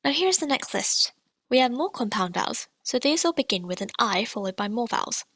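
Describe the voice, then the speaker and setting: A woman language teacher explaining pronunciation in a clear, patient, scripted lesson, demonstrating each sound. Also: on the high side, sing-song, brisk, a bit bright, no room sound.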